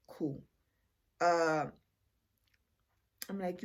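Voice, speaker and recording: A woman's voice: fairly low pitch, a little slow. A young woman telling a casual storytime, rambling and chatty and mixing in Setswana phrases. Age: young adult. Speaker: vlogger.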